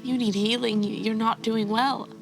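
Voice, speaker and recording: A woman's voice: fairly high pitch, fairly even intonation, moderate pace, vocal fry, over music, poor audio. A woman player speaking in character in a tabletop game, earnest and caring.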